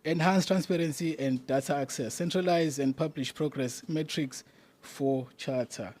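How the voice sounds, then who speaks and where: A man's voice: fairly high pitch, normal speed, a little mellow. A South African man from KwaZulu-Natal, a provincial secretary giving a conference address, chanting slogans and mixing Zulu words into his English.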